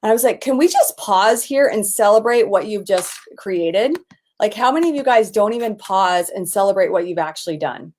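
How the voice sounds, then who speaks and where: A middle-aged woman coaching a live online group in an energetic, enthusiastic way, at times bursting into excited shouts. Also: mid-range voice, moderate pace. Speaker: business coach.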